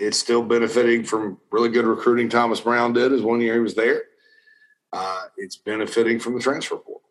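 A man's voice: lowish voice, a bit bright, low-quality recording. A middle-aged man hosting a casual talk show, answering viewer questions in a rambling way with many restarts and fillers. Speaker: recruiting analyst host.

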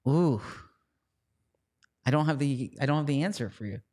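A man's voice: medium pitch, animated, normal speed, darkish tone. A man co-hosting a casual sports talk show, chatty and rambling, often restarting his sentences. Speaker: co-host and team reporter.

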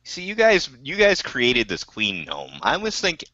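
Lively, bright man defending himself. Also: mid-range voice, measured pace, no echo, muffled recording. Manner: defensive, laughing. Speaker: podcast co-host. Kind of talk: casual banter.

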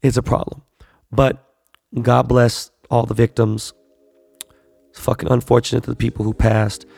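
A man's voice: mid-range voice, little pitch movement, moderate pace, vocal fry, a little mellow, husky, dry recording, faint music behind. A man in a blunt, profane, slangy casual monologue, repeating himself for emphasis.

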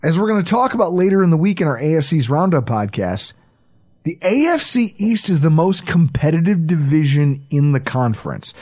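Lively, animated man hosting a podcast. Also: a little high, normal speed. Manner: animated, swearing, breaks into impressions. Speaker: podcast host. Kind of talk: casual sports podcast talk.

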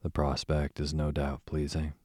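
A man's voice: rumbling low, completely flat delivery, normal speed, warm tone, dry recording. A man reading the part of a sardonic aristocratic duke in a bedtime audiobook, with a dry, sarcastic drawl.

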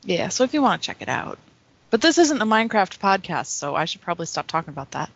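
A woman's voice: mid-range voice, big pitch swings, fast, creaky, no echo, dull audio. A woman guest on a gaming podcast, upbeat and giggly in casual chat.

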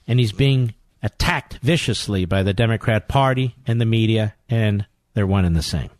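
A man's voice: medium pitch, no echo, clean studio sound. A man hosting a political talk radio show, commenting in a sarcastic, mocking way and breaking into exclamations.

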